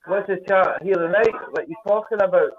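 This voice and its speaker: Scottish man, caller, jokey and relaxed, high voice, phone-line sound. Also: fairly quick, slight background noise. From Scotland. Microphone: remote call line. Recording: tinny phone-like call line.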